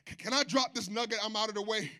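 Man, pastor, preaching in a church, high and bright voice, call-and-response, soft to shouting. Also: fast. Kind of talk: sermon. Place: church sanctuary.

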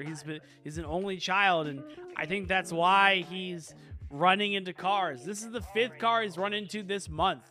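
A man's voice: high-pitched, bright, forceful tone. A man voicing a flighty married woman neighbor in a tabletop role-play.

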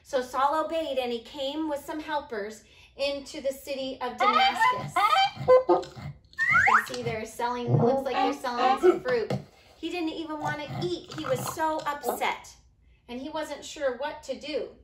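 A woman teaching preschoolers online, telling a Bible story in a gentle, sing-song way. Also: high-pitched, very animated, background noise. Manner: gentle, sing-song, talking slowly to small kids. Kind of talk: storytelling to young children. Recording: echoey room.

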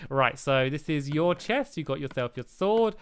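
A man's voice: fairly high pitch, lively intonation, measured pace, a bit bright, clear, resonant tone. A man hosting a casual gameplay video, chatty and upbeat, laughing often as he plays. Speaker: gaming video host.

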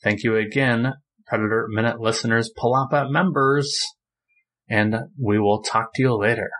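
A man hosting a podcast, chatting in a relaxed, rambling way with plenty of fillers. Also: mid-range voice, normal speed. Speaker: podcast host. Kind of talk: casual chat.

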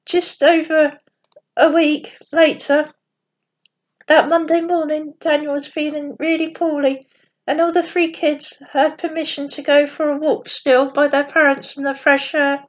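A woman telling a bedtime story in a plain, gentle reading voice with small slips. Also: high voice, little pitch movement, measured pace. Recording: dull lo-fi recording.

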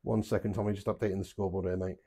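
Deep and dark-toned, with little pitch movement, a man talks rapid-fire while playing darts on a live stream at home. He reads out viewers' messages, jokes around, swears freely and laughs a lot.

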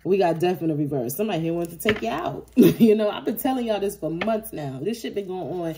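Woman tarot reader, low voice, blunt cursing, casual reading, noisy card shuffling behind. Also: lively intonation, quick pace. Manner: profane, blunt and laughing.

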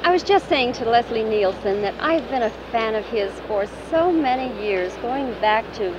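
A woman with a fairly high voice interviews in a friendly, chatty manner. The clip is dull and lo-fi, with clear hiss and traffic behind her. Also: expressive, moderate pace. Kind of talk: archival interview. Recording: dull lo-fi archive clip with noise.

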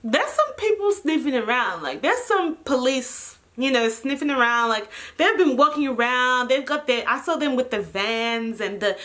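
Young woman vlogger, high voice, lively casual storytelling, unfiltered language. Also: moderate pace, few pauses. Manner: animated and expressive, swearing freely.

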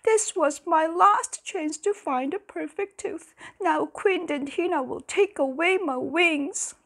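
A woman's voice: extremely high pitch, slow, a bit bright, voice pushed up, exaggerated voice. A woman voicing a small, anxious female tooth fairy who frets and wails. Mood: tearful. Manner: wailing, fretful.

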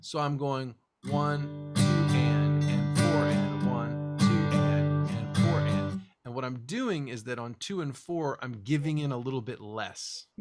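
A man gives a one-on-one guitar lesson at a mid pitch. He explains technique as he demonstrates, jumping between lively emphasis and quiet asides. Faint guitar strumming sits behind his voice. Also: takes it slowly. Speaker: guitar teacher.

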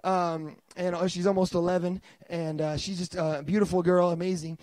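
A man in his thirties preaching a sermon as pastor, telling stories with lively restarts and bursts of excitement. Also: sits high, moderate pace, dry recording. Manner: animated storytelling with many restarts.

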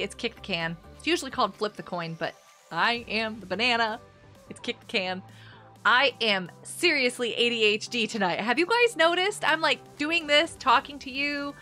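Bubbly high-voiced woman streamer, giggly. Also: pushed and bright. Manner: bubbly, giggly, often panicked; talks to chat viewers by name. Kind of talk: live game commentary with viewers.

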